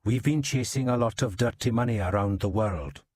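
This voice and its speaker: A man's voice: lowish voice, moderate pace, a little mellow, no echo, natural voice. A man voicing a sardonic Welsh police inspector with a Welsh accent, dry and teasing. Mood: wary.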